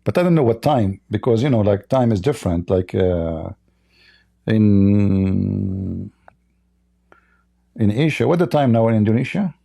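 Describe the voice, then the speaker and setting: A hoarse middle-aged man hosting a casual livestream chat. He mocks, chuckles often, and keeps coughing and clearing his throat as his voice gives out. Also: on the low side, lively intonation, unhurried, pauses often, warm tone. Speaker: livestream debate host.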